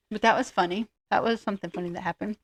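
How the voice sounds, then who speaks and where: A woman's voice: medium pitch, moderate pace. A middle-aged woman co-hosting a casual chat, telling rambling, self-deprecating stories. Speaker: co-host.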